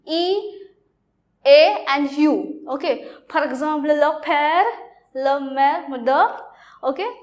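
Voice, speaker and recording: A woman teacher slowly explaining a French lesson, pausing often to say okay. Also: high-pitched. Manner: slow and explanatory, with frequent okays. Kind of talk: classroom lesson.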